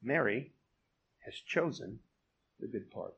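Emphatic preacher with a lively, swinging voice. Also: male voice, medium pitch, takes it slowly, gravelly, husky, dull audio. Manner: emphatic, swings from loud exclamations to hushed tones; rhetorical questions. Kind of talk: sermon.

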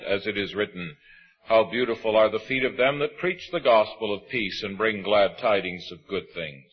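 A man delivers a sermon, reading scripture in a husky, measured voice. He slows down to lean on the words he wants to stress. The recording sounds slightly dull and lo-fi. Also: fairly low pitch. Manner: measured, emphatic preaching with slow stresses. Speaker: preacher.

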